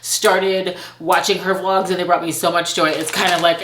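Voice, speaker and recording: A woman vlogging a casual book unboxing, gushing and excitable. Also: fairly low pitch, moderate pace. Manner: gushing, excitable, laughs and gasps often. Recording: echoey room with faint noise.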